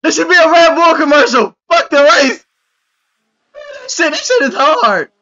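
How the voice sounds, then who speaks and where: Man, reaction host, very high voice, swooping animated delivery, exclamatory slang. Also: moderate pace, highs cut off, soft background music. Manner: excitable, exclamatory, profane slang. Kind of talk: casual reaction commentary.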